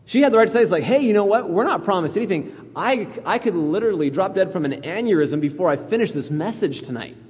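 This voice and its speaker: A man's voice: high voice, animated, fast talker, hardly any pauses, a little mellow, in a large hall. A male pastor preaching a conversational sermon, acting out quoted voices as he goes.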